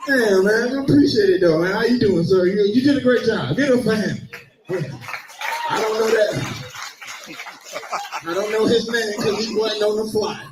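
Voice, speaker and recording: A man cracking loud profane roasts, laughing and shouting as he jokes. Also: sits high, normal speed, echoey room, noisy background. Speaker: comedian. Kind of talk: loud joking banter.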